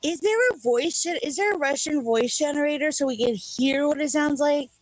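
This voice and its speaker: A woman's voice: high voice, moderate pace, dry recording, faint music behind, rough recording. A young woman chatting casually on a panel show, playful and joking, swearing freely. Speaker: panel co-host. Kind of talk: casual chat.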